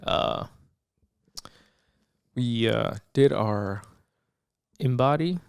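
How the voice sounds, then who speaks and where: A man co-hosting a podcast in relaxed, casual chat, with a gravelly, creaky edge to his voice. He teases his co-host and swears freely. The sound is dry and close, with no room echo. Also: medium pitch, very slow. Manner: laid-back, profane, teasing.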